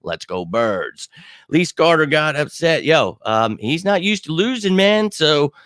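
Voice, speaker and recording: A man in his thirties hosting a live sports fan show, chatting casually and excitedly, swearing freely and using many fillers. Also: fairly high pitch, a little slow, smooth, no echo, studio quality. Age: 30s. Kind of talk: casual live-stream chat.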